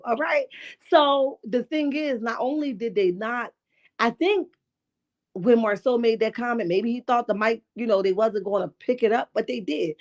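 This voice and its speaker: A woman with a slightly high, raspy morning voice breaks down reality TV drama in AAVE. She swears freely, answers her own questions, and keeps pulling the chat in with "okay?" and "right?". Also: a little mellow. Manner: sassy, profane, rhetorical asides with "okay?" and "right?". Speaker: reality TV commentary host. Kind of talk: casual reality-show recap with live chat.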